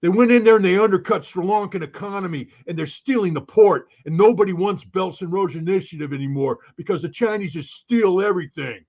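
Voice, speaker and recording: A dim, indignant American pundit, sent up by an older man. The voice sits higher than his normal talk and has a husky edge. The sound is dull and lo-fi. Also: brisk, few pauses, a little mellow. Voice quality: exaggerated, indignant. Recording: dull lo-fi recording.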